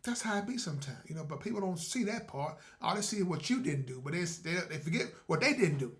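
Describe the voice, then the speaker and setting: A man's voice: a little high, lively intonation, quick pace, fairly bright tone. A man hosting his own podcast, talking casually in a folksy way, repeating words and acting out little dialogues. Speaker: podcast host. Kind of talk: casual solo monologue.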